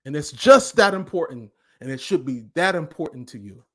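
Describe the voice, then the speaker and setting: A man giving a passionate live motivational talk as a life coach, with a preaching cadence that at times turns loud. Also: a little high, expressive, moderate pace.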